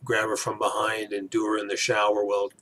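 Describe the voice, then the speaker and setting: Brief: fifties guy, husky low voice, chatty meandering reviewer. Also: completely flat delivery, a little fast, bright, forceful tone. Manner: rambling, digressive, self-correcting. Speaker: movie reviewer. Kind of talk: casual spoken review.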